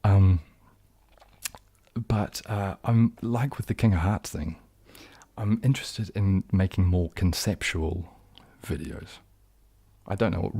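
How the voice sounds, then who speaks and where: A young man from New Zealand, whose accent leans toward southern English, hosts a live chat as an ASMR streamer. His low-pitched voice is warm with a breathy edge, recorded with no room sound, and he rambles casually and self-deprecatingly with many ums and restarts.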